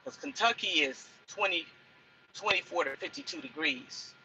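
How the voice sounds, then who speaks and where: A woman's voice: lowish voice, lively intonation, moderate pace, pushed and bright, slight background noise, rough recording. A woman truck driver chatting in a casual cooking vlog from inside her truck cab. She rambles and repeats herself as she talks.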